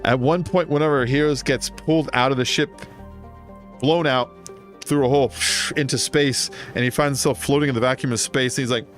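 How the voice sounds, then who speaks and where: A man's voice: medium pitch, steady tone, brisk, soft background music. A man streaming a game, chatting casually and telling long, rambling stories full of fillers. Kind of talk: casual chat while gaming.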